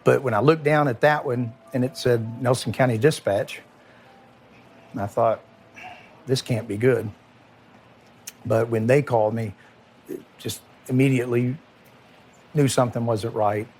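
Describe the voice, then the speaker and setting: Middle-aged man from Kentucky, ex-police chief, halting emotional interview delivery, soft music under it. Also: medium pitch, steady tone. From Kentucky, USA. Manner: plain-spoken, halting, emotional. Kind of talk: interview recollection.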